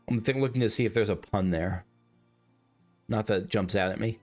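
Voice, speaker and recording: Hoarse low-voiced male game streamer. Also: fairly quick, pauses often, darkish tone, faint music behind. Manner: rambling, self-interrupting. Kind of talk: let's play commentary.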